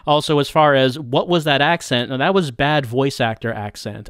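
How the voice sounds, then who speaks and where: A man's voice: medium pitch, normal speed, few pauses, fairly bright tone, dry recording, studio quality. A man streaming a game, rambling through casual, self-deprecating jokes. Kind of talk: casual gameplay commentary.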